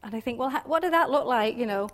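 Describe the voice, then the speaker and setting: Woman talking through a bible passage, kinda high voice, laughs a lot, keeps going "doesn't it?". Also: lively intonation, quick pace, slight background noise. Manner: chatty, laughs often, many tag questions. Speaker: Bible teacher. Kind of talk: informal devotional talk.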